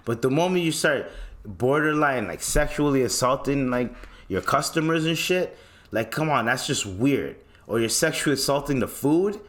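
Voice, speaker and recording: Ranting alone on his podcast, this young host from Toronto sounds exasperated, profane and mocking, with a Toronto accent and a mid-range voice.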